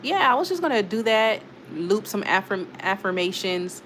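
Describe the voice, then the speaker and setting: A woman's voice: mid-range voice, very animated, moderate pace, a bit bright, a little hiss or hum. A woman hosting a casual live stream, chatting and laughing as she reads out comments from her viewers. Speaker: livestream host reading chat.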